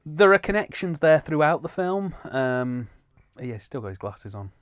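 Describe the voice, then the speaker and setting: A man's voice: on the high side, very animated, moderate pace, clear, resonant tone, no echo. A man co-hosting a comedy film commentary, cracking dry jokes and laughing often. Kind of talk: joking movie commentary banter.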